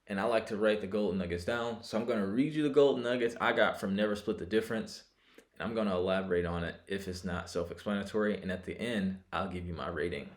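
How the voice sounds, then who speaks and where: A man's voice: low voice, fast talker, echoey room. A man giving a casual video book review, reading his notes and then explaining them loosely in his own words.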